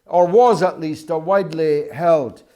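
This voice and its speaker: A man hosting a political interview, speaking in a measured way with frequent pauses. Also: a little high, dark tone. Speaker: interview host.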